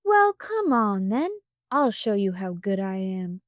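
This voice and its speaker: A woman's voice: medium pitch, big pitch swings, takes it slowly, no room sound, studio quality. A woman voicing a young male hobo, a braggart who drawls, mocks and wheedles. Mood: taunting.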